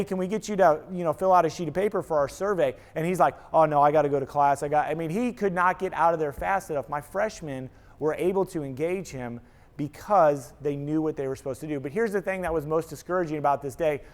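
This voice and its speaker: A man speaking to a live audience, telling stories and acting out quoted lines in an energetic talk. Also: fairly high pitch. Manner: animated storytelling, acts out quoted voices. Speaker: speaker, apologetics teacher.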